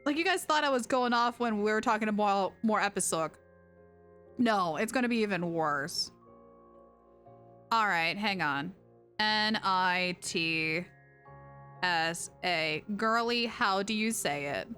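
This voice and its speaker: A young woman streams a video game with casual, excitable commentary, ranting, laughing and shrieking a lot. Her voice is medium in pitch, her pace slow with frequent pauses, and soft music plays in the background.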